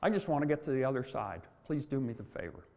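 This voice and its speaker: A man's voice: mid-range voice, very animated, quick pace, darkish tone, lightly acted. An older man voicing a sly, courteous male scorpion in a fable, coaxing and polite, in a hall with long reverb.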